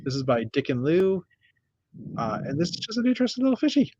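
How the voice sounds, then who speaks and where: A middle-aged man from North America hosting a casual chat, rambling through a list with many pauses and restarts. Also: a little high, sing-song, a little mellow, lo-fi sound, a little hiss or hum. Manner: rambling, lots of uh and restarts, shows builds one by one. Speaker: podcast host.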